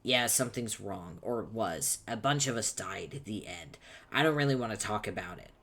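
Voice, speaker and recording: Guy doing a cranky swearing troll kid from a webcomic, loud and insulting. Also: lowish voice, animated, moderate pace. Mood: ranting. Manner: shouty, insulting, impatient. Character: angry foul-mouthed young male troll. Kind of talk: reading a webcomic aloud.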